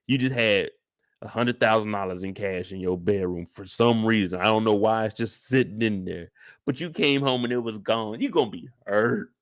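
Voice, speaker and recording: A young man hosting a casual live after-show, talking in loose slang and acting out reactions with sudden loud outbursts. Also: fairly low pitch, moderate pace. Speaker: host.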